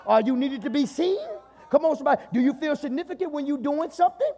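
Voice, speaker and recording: High-pitched Southern pastor preaching. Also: male voice, fast talker, warm tone, long reverb tail. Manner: call-and-response preaching, repeats "my God". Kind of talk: sermon. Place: church sanctuary.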